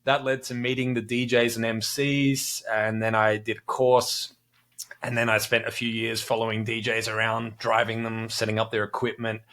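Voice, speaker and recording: An Australian man in his forties, a podcast guest who tells his story in a brisk, matter-of-fact way. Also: mid-range voice, little pitch movement, fairly bright tone. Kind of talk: casual interview chat.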